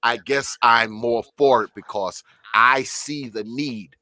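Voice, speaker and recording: A man's voice: medium pitch, fairly even intonation, slow, bright, forceful tone. A man in his fifties, a grandfather, chatting casually on a podcast, easygoing, leaning on "you know" and cursing freely. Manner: laid-back, leans on "you know", swears freely.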